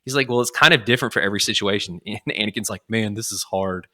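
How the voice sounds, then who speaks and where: A young man hosts a casual podcast, retelling a story with plenty of energy. His voice sits a touch low but comes across bright and forceful. He keeps slipping into quoted lines of dialogue as he goes. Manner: animated, acts out lines in quick quotes. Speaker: podcast host.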